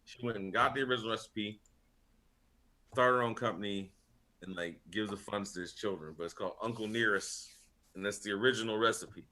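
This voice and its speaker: Casting: man with a low, bright voice for a loose, profane podcast storyteller. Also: brisk. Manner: rambling storyteller, swears a lot, laughs often. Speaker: podcast panelist. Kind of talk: casual chat.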